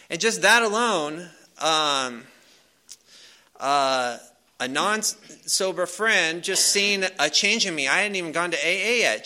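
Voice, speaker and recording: A man with a slightly high, very bright and sharp voice tells a personal story to a crowd. He talks loosely and casually, with frequent fillers and restarts. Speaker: speaker sharing a recovery story. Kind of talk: casual storytelling to a live audience.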